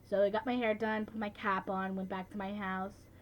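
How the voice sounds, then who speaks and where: A young woman in her late teens talks through her memories in a relaxed vlog. Her voice sits at a middle pitch and stays fairly flat in intonation. She is chatty and keeps filling her sentences with "like" and "you know". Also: moderate pace, a little hiss or hum, low-quality recording. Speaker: vlogger. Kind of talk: casual vlog recap.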